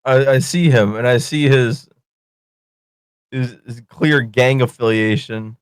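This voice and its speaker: Man, loud joking player, dry close sound. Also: medium pitch, takes it slowly, clear, resonant tone, no room sound. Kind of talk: casual play chat.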